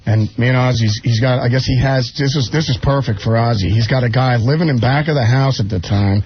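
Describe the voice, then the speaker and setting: A man telling rambling, animated anecdotes as a radio guest, often slipping into quoted voices. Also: medium pitch, a little fast, slightly rough. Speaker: guest musician. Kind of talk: casual storytelling on radio. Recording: muffled radio broadcast with faint hiss.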